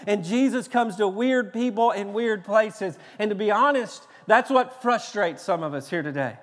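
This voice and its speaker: A male pastor with a Tennessee Southern accent, preaching a sermon in a lively, joking, emphatic way with quick restarts. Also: sits high. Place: large church sanctuary. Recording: long reverb of a large church hall.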